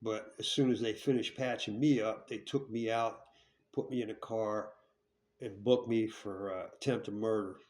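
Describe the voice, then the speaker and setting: Blunt, profane man telling a rough story. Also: lowish voice, steady tone, moderate pace, darkish tone. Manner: blunt and profane, with rambling restarts; checks in with tag questions. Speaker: former prisoner telling his story. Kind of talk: candid storytelling.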